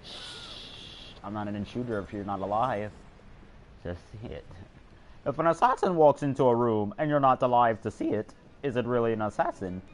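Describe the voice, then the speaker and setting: A young man in his teens giving excitable, jokey gameplay commentary while live-streaming, swearing often. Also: mid-range voice, moderate pace, pauses often, slight background noise. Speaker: gamer streamer.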